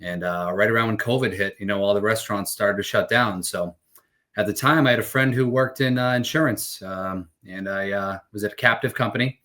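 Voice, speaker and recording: A young man with a fairly low voice. He talks casually and easily, in a relaxed, laid-back way, as a guest on a podcast. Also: brisk. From Boston area, USA. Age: young adult. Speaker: podcast guest, insurance agent. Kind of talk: casual interview talk.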